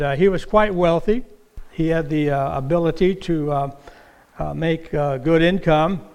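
An older man preaching a sermon as pastor in a church, slow and halting, with many fillers. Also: a little high, clear, resonant tone.

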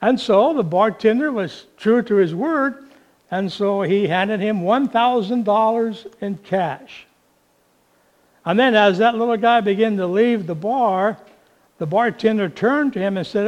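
A male pastor preaching a sermon in an unhurried, folksy way, telling a story with fillers along the way. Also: sits high, lo-fi sound.

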